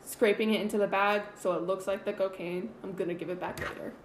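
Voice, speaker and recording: A woman's voice: medium pitch, steady tone, quick pace. A young woman playing a tabletop game, talking through her character's actions step by step. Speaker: player. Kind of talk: casual tabletop game play. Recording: echoey room with faint noise.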